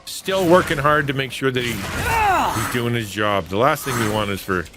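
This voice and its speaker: A man's voice: medium pitch, big pitch swings, normal speed. A man streaming a video game, chatting playfully with his viewers and teasing himself as he plays. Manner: playful, self-mocking, chatty with chat. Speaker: gaming streamer and host. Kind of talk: casual live gameplay commentary. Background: game music.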